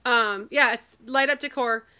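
A woman's voice: a little high, unhurried, sharp tone, clear, resonant tone. A woman from Minnesota hosting a live online sale in casual, enthusiastic chat, laughing often.

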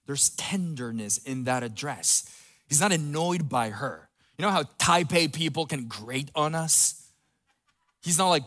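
Bright high-voiced man preaching. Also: normal speed. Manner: conversational preaching, dropping soft and low for tender quotes. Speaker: pastor. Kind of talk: sermon.

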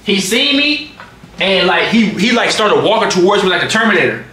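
High, bright-voiced young man telling stories. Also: quick pace, roomy sound. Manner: animated, profane storytelling with slang. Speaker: streamer. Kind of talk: livestream storytime.

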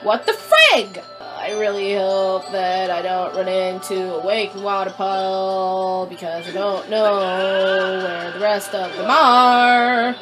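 A young woman hosting a let's play, panicking, squealing and shouting at her game character, repeating words in quick streaks. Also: mid-range voice, steady tone. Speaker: gaming channel host. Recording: faint game music behind.

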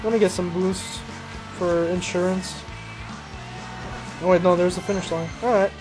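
This is relaxed let's-play commentary from a young man whose high-pitched voice moves at a normal pace. As he plays a racing game, he rambles, makes jokes at his own expense, and exclaims excitedly at the action. The low-quality recording picks up game music and engine noise.

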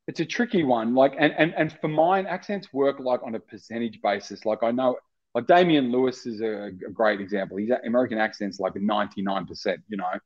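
An Australian actor in casual interview chat, rambling with many restarts and fillers. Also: male voice, medium pitch, brisk, lo-fi sound. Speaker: actor guest.

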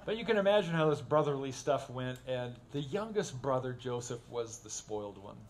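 Folksy pastor telling stories from the pulpit. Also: male voice, medium pitch, normal speed. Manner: folksy, animated when acting out stories. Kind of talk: sermon with humorous storytelling. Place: church sanctuary.

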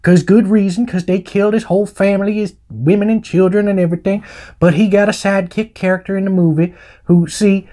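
A man's voice: high-pitched, steady tone, fairly quick, mellow. A man giving a casual movie review in rambling, slangy, joking talk. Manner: rambling, slangy, jokey vernacular.

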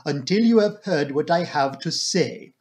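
A man voicing a grave, self-assured male detective in an audiobook reading, speaking in a precise, deliberate, stern way. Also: on the high side, animated, darkish tone.

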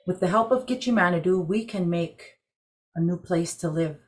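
A woman gives voice to a patient male turtle who offers to carry the earth. He speaks steadily and resolutely, in a lowish tone. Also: moderate pace, natural voice.

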